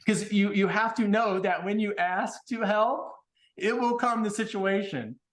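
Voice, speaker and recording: A man in casual podcast conversation, blunt and animated, swearing freely as he tells stories. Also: high-pitched, measured pace. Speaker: podcast guest.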